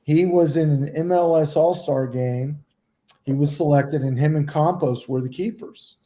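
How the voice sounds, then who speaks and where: A middle-aged man co-hosting a casual round-table podcast, telling relaxed anecdotes. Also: fairly high pitch, unhurried. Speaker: podcast co-host, former goalkeeper.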